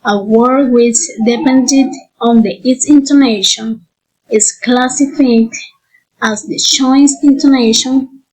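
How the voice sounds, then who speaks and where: A woman teaching a class, reading example questions slowly and deliberately. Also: a little high, steady tone, darkish tone, slightly rough, poor audio. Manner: slow, deliberate, drawn-out list reading. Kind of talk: classroom lesson.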